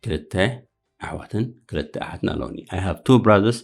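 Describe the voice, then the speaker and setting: A man with a very low, deep voice gives a beginners' English lesson. He speaks quickly overall and slows right down to repeat each practice phrase. Soft music plays behind him. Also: gravelly, breathy edge. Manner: repeats English phrases slowly and loudly, then explains quickly in another language. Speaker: English teacher.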